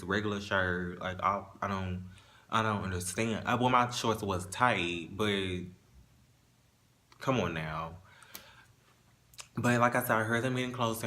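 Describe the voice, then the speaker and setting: A man telling a painful personal story in a casual monologue, halting and restarting as he holds back tears. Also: low-pitched, sharp tone.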